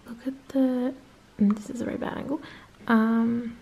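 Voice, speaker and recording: A young woman chatting in a cosy gaming vlog, excitable, often dropping to a whisper and gasping. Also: high-pitched, moderate pace, gravelly, slight background noise. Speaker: vlogger.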